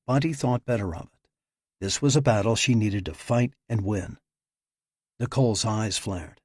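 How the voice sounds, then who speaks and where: A man reading an audiobook in measured, scripted narration on a close mic. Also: lowish voice, animated, darkish tone, slightly rough, no room sound.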